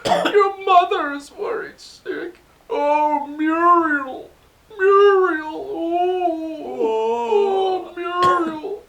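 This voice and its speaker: A man doing a shrill sobbing parent. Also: very slow, a crowd in the background, full character voice, poor audio. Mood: wailing. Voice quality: shrill, wailing. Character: hysterical sobbing parent, fretting over a child.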